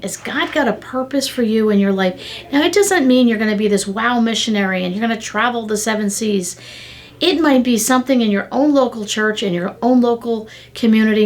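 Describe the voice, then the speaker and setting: A middle-aged woman delivers a devotional talk in a somewhat high voice. She gets excited as she speaks and slips into playful back-and-forth dialogues with God. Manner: animated, acts out dialogues with God; excitable, talks with her hands. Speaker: devotional podcast host. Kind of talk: devotional teaching.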